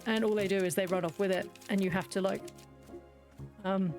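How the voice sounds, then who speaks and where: A woman's voice: mid-range voice, fairly even intonation, a little fast, a little mellow, soft background music. Chatty woman streamer. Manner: chatty, rambling, self-correcting, laughing often. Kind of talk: let's play commentary.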